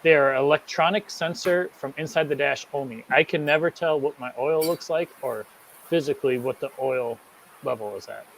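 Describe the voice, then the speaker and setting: A man's voice: mid-range voice, normal speed, creaky, slight background noise, poor audio. A man, a car mechanic guest on a podcast, chatting casually with frequent laughs and "like" fillers. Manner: laughs often, trailing "like" fillers.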